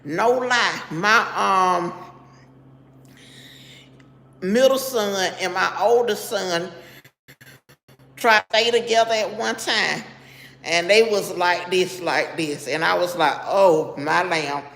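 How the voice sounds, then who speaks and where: Speaking slowly in a medium-pitched, fairly bright voice, a middle-aged woman hosts an informal live stream. She's blunt and talkative, breaking off to greet viewers by name mid-sentence, all in an echoey room with long reverb.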